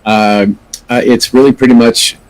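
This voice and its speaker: A man's voice: mid-range voice, steady tone, normal speed, rough recording. A middle-aged man, an actor, giving thoughtful, earnest answers in an interview and often restarting his sentences. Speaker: actor, podcast guest.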